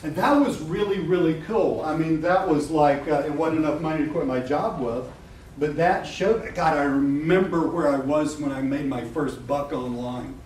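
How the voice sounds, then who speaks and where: Giving a casual live webinar talk to an audience, a middle-aged man jokes candidly and swears and laughs a lot. His voice is on the high side and a little mellow, at a moderate pace. It's recorded from a distance in an echoey room with background noise.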